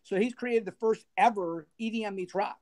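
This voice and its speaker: A middle-aged man, a former band manager, telling lively anecdotes in a casual interview and laughing as he goes. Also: high-pitched, moderate pace, a little hiss or hum. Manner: animated anecdotes, laughing, acting out others' voices.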